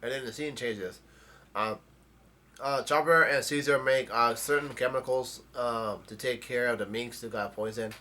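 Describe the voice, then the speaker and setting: A man casually summarizing the plot of a comic chapter, with halting speech full of ums, uhs and restarts. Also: medium pitch, steady tone, bright, forceful tone. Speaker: manga chapter recapper.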